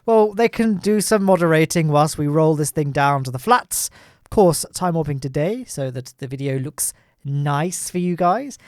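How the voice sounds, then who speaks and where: A man's voice: fairly high pitch, animated, normal speed, no room sound, clean studio sound. A man giving jokey, self-deprecating commentary over gameplay footage, chuckling often. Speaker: gaming YouTuber.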